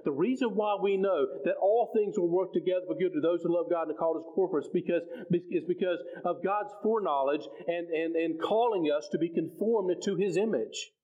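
A man's voice: sits high, brisk, warm tone, lo-fi sound. A man preaching a sermon in a conversational way, often repeating words and restarting phrases as he explains scripture.

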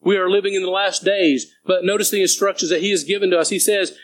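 A man's voice: sits high, steady tone, fast talker, hardly any pauses, poor audio. A man preaching a sermon to his church as pastor, earnest and urging, reading scripture aloud between stories.

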